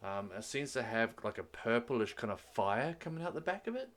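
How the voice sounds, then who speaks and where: A man's voice: mid-range voice, big pitch swings, fairly quick, a bit bright. Rambling male game master. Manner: rambling, descriptive, filler-heavy. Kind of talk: narrating a tabletop game.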